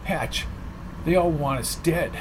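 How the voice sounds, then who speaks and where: A man voicing a frightened young woman, speaking softly and anxiously. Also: on the high side, takes it slowly, background noise, voice pushed up.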